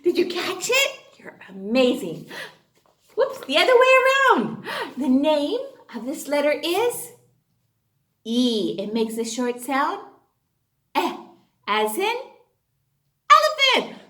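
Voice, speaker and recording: Cheerful woman teacher, high lively voice, unhurried phonics drills. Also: echoey room. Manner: animated and sing-song, gasps and cheers often. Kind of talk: phonics lesson for young children.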